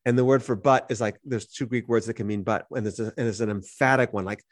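This is a dry, studio-quality recording of a man speaking quickly at medium pitch. As a podcast co-host, he reads Bible verses and then explains them in an animated, conversational teaching style.

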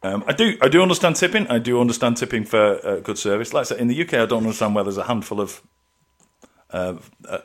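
Lively British man, casual podcast chat. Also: medium pitch, quick pace. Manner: chatty, lively, many restarts. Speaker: podcast co-host.

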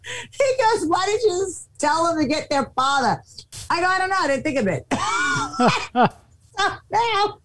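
A woman's voice: very high-pitched, fairly quick, very noisy. A woman telling a funny anecdote in casual chat, acting out the voices of the people in it. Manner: animated, acts out quotes.

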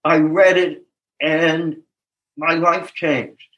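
Slow, bright-voiced older man sharing. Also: high voice. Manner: reflective and earnest, chuckling at himself. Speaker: speaker sharing at a recovery meeting. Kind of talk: personal recovery testimony.

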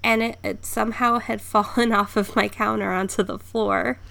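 Gravelly-voiced woman telling a story. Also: medium pitch, moderate pace. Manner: animated storytelling with laughs and fillers. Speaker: podcast co-host. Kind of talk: casual chat.

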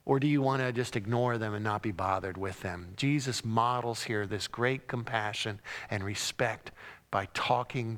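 A man's voice: lowish voice, a bit bright. A man preaching a sermon, telling the story dramatically and acting out the cries and crowd lines. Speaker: pastor. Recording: long hall reverb.

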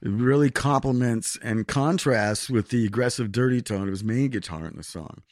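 A man co-hosting a podcast, reading out earnest, admiring song reviews in a measured way. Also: medium pitch. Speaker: podcast co-host.

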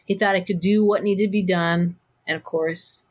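A woman's voice: lowish voice, fairly even intonation, moderate pace. A woman co-hosting a casual chat, chatty and hedging, often laughing. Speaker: podcast co-host. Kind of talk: casual chat about fan fiction.

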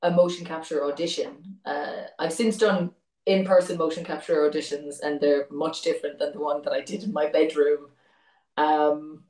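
A woman's voice: deep voice, level tone, moderate pace, darkish tone. Chatty Irish woman in an echoey room. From Ireland. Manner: chatty, laughs often, restarts words. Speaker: voice actor guest. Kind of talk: casual interview chat. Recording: echoey room, distant mic.

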